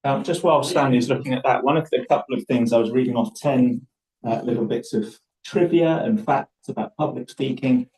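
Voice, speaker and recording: A man's voice: medium pitch, a little fast, slight background noise, low-quality recording. A young man from Scotland leading a live public speaking workshop, talking animatedly and acting out voices in his stories. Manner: animated, acts out voices in anecdotes.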